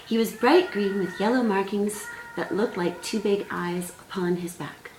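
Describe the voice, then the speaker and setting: A woman author reading aloud from her own storybook in a gentle, measured way. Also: mid-range voice, a little hiss or hum. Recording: roomy sound, distant mic, faint music.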